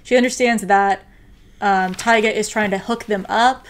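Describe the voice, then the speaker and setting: A young woman co-hosting a casual podcast, retelling an anime episode in an animated way and saying "like" a lot. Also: medium pitch, moderate pace. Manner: animated storyteller, heavy use of "like", acts out quotes. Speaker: podcast co-host.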